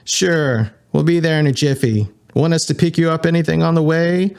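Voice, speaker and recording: A man's voice: fairly high pitch, steady tone, normal speed, creaky, darkish tone, clean tone, voice pushed up. A man voicing a mocking, sarcastic man over comms in an audiobook.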